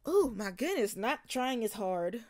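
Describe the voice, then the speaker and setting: A woman's voice: on the high side, big pitch swings, measured pace, darkish tone. A woman vocal coach giving casual reaction commentary. She sounds tired and yawns, and talks in a loose, chatty way full of fillers and restarts. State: tired and yawning.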